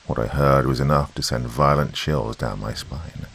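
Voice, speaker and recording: A man narrates a horror tale in a slow, brooding way. His voice is extremely deep and gravelly, with a husky texture. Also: a bit bright.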